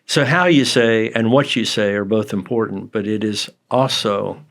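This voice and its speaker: A man chatting as a podcast guest, explaining in an animated, counsel-like way. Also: on the low side, normal speed, creaky. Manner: animated, acts out quoted dialogue with laughs. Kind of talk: casual conversation.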